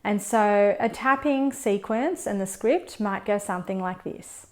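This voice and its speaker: A woman coaching viewers through a tapping routine, explaining each step in a calm, gentle, measured way. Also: mid-range voice. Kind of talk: step-by-step instruction.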